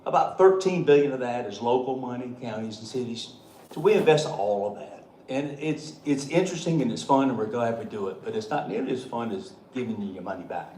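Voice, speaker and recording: A man's voice: medium pitch, lively intonation, fairly quick, mellow. A middle-aged man, a state treasurer telling joking, folksy stories to a meeting. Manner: folksy, joking, chuckling often. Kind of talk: storytelling speech at a meeting. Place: meeting hall. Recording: echoey room, faint background noise.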